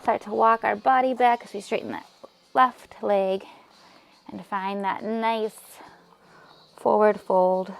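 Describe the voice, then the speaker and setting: A woman leading a yoga class, giving calm, encouraging cues with soft breathy asides. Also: mid-range voice, slow, long pauses. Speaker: yoga instructor. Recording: music playing faintly behind.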